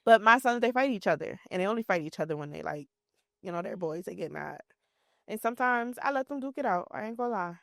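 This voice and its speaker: A woman's voice: mid-range voice, fast talker, gravelly, dry recording, clean studio sound. A woman in her thirties chatting casually as a podcast co-host, telling family stories and acting out what people said. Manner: animated storyteller, acts out quotes in lively voices. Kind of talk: casual chat.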